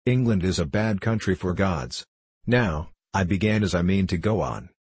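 An ancient, mischievous male sprite, read aloud by a man tells of old magic with a wry, knowing edge. His voice sits low and a little husky. The audiobook recording is close and dry. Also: expressive, normal speed, a little mellow, no echo, exaggerated voice. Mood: storytelling. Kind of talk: audiobook character reading.

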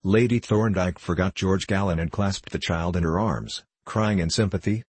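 A man narrates a novel with measured, even storytelling. His voice sits very low with a husky edge. The sound is dry and close. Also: no room sound. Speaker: audiobook narrator. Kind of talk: scripted narration.

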